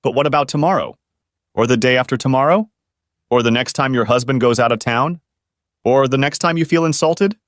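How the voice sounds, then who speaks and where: A man's voice: mid-range voice, brisk, no echo, clean studio sound, lightly acted. A man voicing an earnest spirit guide. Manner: earnest, questioning, advising.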